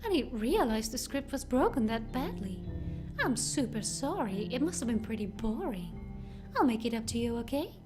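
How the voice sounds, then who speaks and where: A woman voicing a cheerful, composed young woman in a bright, breezy, apologetic way. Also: a little high, very animated, normal speed, over music.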